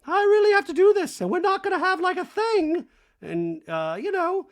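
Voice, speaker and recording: A man doing an impression of a haughty, self-absorbed middle-aged woman in a shrill falsetto. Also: big pitch swings, moderate pace, heavily acted. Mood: insistent. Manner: shrill high falsetto, affected.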